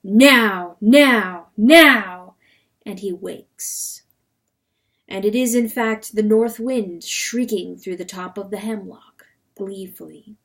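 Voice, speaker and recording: Slow, measured woman narrator. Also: medium pitch, creaky. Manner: measured, expressive. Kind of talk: dramatic reading of a novel.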